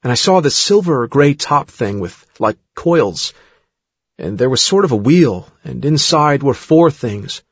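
A man's voice: mid-range voice, expressive, slightly rough, no echo. A man reading as a woman recalling an abduction. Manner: halting, plain recounting. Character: adult woman recounting an abduction under hypnosis. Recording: dull dry studio recording.

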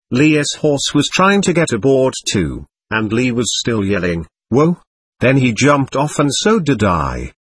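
A man reading a first-person adventure memoir aloud in a steady storytelling manner. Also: medium pitch, breathy edge, no room sound.

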